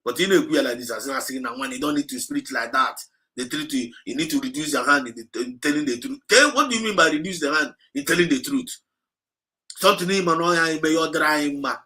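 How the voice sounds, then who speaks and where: A man with an Igbo accent preaches on a livestream in a forceful, bright voice that sits a little high. He exhorts and repeats himself, moving back and forth between English and Igbo. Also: a little fast. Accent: Nigerian Igbo. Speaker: movement speaker.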